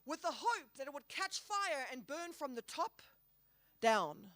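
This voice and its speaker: Woman conference speaker giving a faith talk; emphatic, leans on key words, fairly high voice, dry close sound. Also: sing-song, fairly bright tone, no room sound. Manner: earnest, emphatic, slows down to stress key words. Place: hall.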